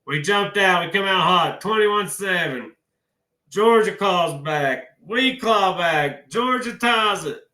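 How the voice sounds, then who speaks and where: A man with a drawl rants about college football in a folksy, emotional way, calling his viewers "y'all". His voice is fairly high and very bright and sharp. The sound is echoey, like a hard-walled room. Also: slow. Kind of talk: casual sports vlog.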